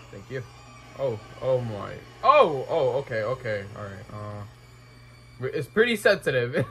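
A man's voice: mid-range voice, a bit bright, a little hiss or hum, low-quality recording. A young man commentating a horror game let's play, talking to himself and exclaiming at scares. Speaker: gaming YouTuber.

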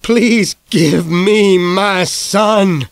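A man voicing a desperate father who shouts and pleads, strained and high, to pull his trapped son from a sinking car. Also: fairly even intonation, measured pace, smooth, dry recording. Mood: desperate pleading.

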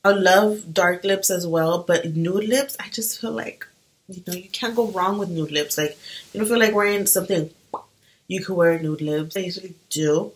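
A woman's voice: on the low side, normal speed, low-quality recording. A young woman chatting casually while doing her makeup, talking animatedly. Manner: chatty and animated, full of fillers. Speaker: beauty vlogger.

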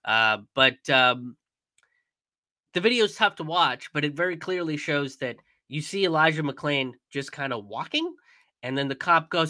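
A man's voice: on the high side, lively intonation, moderate pace, sharp tone, no room sound. Angry, swearing young man commenting. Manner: angry, profane, emphatic with many fillers. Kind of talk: live-stream commentary.

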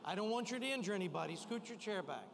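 An older man giving a lively keynote talk, working the audience with call-and-response shouts in a large event hall. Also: high-pitched, fast talker, gravelly, a little hiss or hum. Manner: energetic, rousing the crowd with call-and-response shouts. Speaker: guest speaker. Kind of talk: motivational keynote to a live audience. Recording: long hall reverb.

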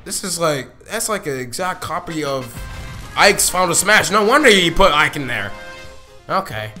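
A hoarse young man reacting live on his channel, excitable, shouting and swearing as he comments. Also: on the high side, moderate pace, faint music behind. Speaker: video host reacting live.

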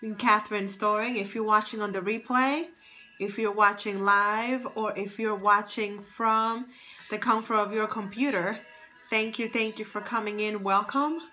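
Woman, casual live-stream host, bright tone, chatty and upbeat, welcomes viewers by name. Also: medium pitch, fairly even intonation, normal speed, soft background music. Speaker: livestream host, fashion stylist and confidence coach. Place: at home near Boston. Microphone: phone.

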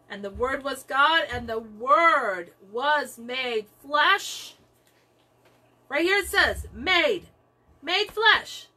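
A woman's voice: high voice, sharp tone. A woman leading a Bible study, teaching with emphatic repetition of key phrases.

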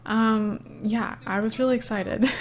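Young woman, higher voice, chatty let's-play commentary, giggly, lots of fillers. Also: steady tone, slow. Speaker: gaming YouTuber.

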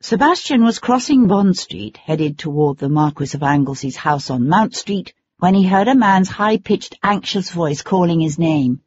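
An audiobook narrator reading in a measured, dramatic way, on a dull lo-fi recording. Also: mid-range voice, expressive, a little mellow, slightly rough.

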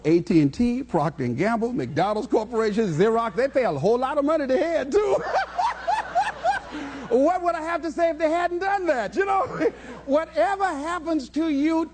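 A man's voice: extremely high pitch, lively intonation, normal speed, a little mellow, a little hiss or hum. A man giving a motivational speech in a preachy, rhythmic way, repeating key phrases. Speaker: motivational speaker.

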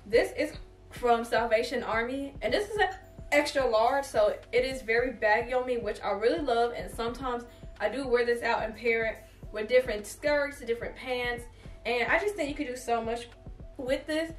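A young woman with a high, bright-sounding voice talks animatedly to her viewers about her clothes. She is recorded in an echoey room, a little away from the microphone. Faint music plays underneath. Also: normal speed, far from the mic. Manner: chatty, animated, addresses viewers as y'all. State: has hiccups. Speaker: fashion vlogger. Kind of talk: casual try-on haul chat.

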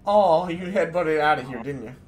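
A man streaming, reacting to funny videos with friends in casual chat, excitable, swearing and laughing a lot. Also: a little high, moderate pace.

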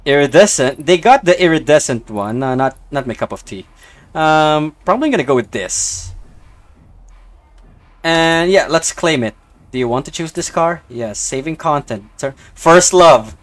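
A young man giving casual live-stream commentary as he plays, excitable, swinging from low mumbling to sudden outbursts. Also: measured pace. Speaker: game streamer.

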